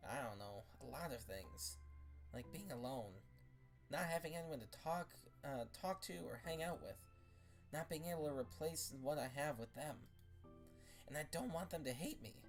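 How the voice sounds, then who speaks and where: Woman reading as a teen girl, hesitant, halting, lively low voice, faint music behind. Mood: troubled. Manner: halting, hesitant, quietly troubled. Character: shy insecure teenage girl, conflicted and scared.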